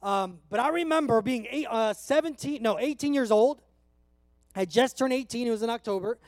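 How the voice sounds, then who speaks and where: Man, thirties, from California, very high voice, dry close sound, earnest conversational sermon. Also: a little fast, no room sound. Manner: earnest, conversational, emotional at times. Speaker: pastor.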